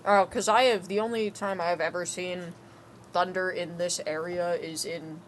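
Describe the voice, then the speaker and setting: Wanita streamer gim yang cerewet dan sering tertawa. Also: female voice, lowish voice, steady tone, moderate pace, slight background noise. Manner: chatty, laughing, swears freely. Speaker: co-host. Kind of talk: casual gameplay stream chat.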